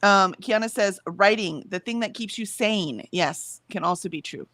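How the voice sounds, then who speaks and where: A woman's voice: medium pitch, moderate pace, a bit bright, no echo. A woman co-hosting a casual livestream, chatting emphatically, laughing easily, and reading out viewer comments. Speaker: livestream co-host.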